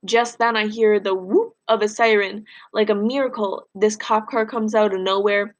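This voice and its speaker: A woman teacher reads a novel aloud in a plain, steady voice. She then shifts to clear instructions for a recorded lesson. Her pitch sits in an ordinary middle range. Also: normal speed, dull audio.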